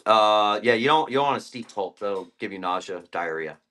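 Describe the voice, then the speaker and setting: A man's voice: on the low side, lively intonation, moderate pace, bright, forceful tone. A man selling plants on a live stream, chatting casually and rambling between topics while eating. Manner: rambling, laid-back, eating while talking.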